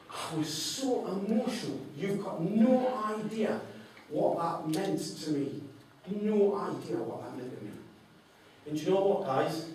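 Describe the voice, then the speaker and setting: A man's voice: on the high side, a little hiss or hum. A man telling a personal story to a live audience as a motivational speaker. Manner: animated, acts out an auctioneer's patter. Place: large hall. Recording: echoey hall from far off.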